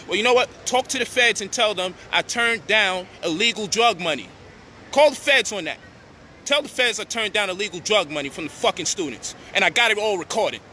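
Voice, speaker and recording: Indignant man ranting with a bright edge. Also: sits high, slight background noise. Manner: indignant, profane, rising to near shouting at times. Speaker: online commentator addressing his audience. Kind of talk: heated direct-to-camera rant.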